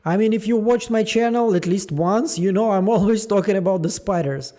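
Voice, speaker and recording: High-voiced man musing over show theories. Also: a little fast. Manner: musing aloud, animated, trailing fillers. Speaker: show theory channel host. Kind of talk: casual theory breakdown.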